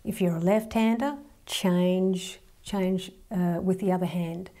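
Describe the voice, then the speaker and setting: A woman teaching hand drum rhythms, calmly counting out strokes and hand patterns. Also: on the low side, slow. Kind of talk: hand drumming lesson.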